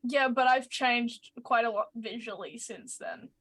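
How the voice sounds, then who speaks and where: A woman's voice: fairly high pitch, a little slow, a bit bright. A woman chatting casually as a player in a tabletop game, teasing.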